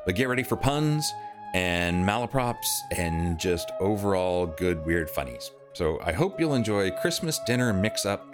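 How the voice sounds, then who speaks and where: A man hosting a story reading, introducing a comic tale and reading it with animated character voices. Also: measured pace, music in the background. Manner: animated, swings into high put-on voices. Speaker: host and story reader.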